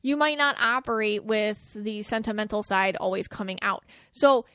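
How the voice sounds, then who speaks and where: A woman's voice: medium pitch, normal speed, fairly bright tone, clean tone, dry recording, clean studio sound. A woman hosting a podcast, talking casually and chattily, acting out the quoted lines of the people she describes. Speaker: podcast host.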